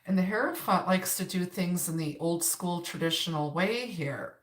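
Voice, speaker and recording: A Wisconsin woman with an Upper Midwest accent reads tarot on a live stream, speaking at normal speed in a voice on the low side. She keeps things chatty, greeting viewers and laughing between cards. The recording sounds roomy and echoey.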